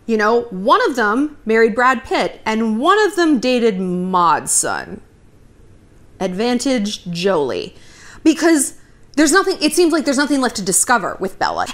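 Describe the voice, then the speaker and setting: A woman in her thirties talks straight to her viewers with frank, chatty dating advice. Her voice sits a little high and swoops all over with lively, animated inflection. She swears freely and drifts into storytelling asides. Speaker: commentary vlogger giving dating advice. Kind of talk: casual direct-to-camera advice talk. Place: home near a river, outside noise.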